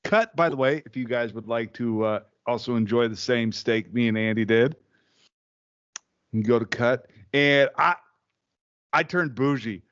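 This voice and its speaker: A man's voice: medium pitch, moderate pace, fairly bright tone, highs cut off. A man co-hosting a casual podcast, telling stories and laughing often between lines. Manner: anecdotal storytelling, laughs often. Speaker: podcast co-host. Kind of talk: casual profane podcast banter.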